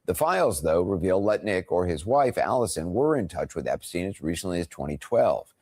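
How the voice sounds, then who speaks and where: A male anchor with a very low voice reads the news in a steady, formal cadence. His delivery is measured and scripted, each sentence cleanly paced for broadcast. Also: breathy edge.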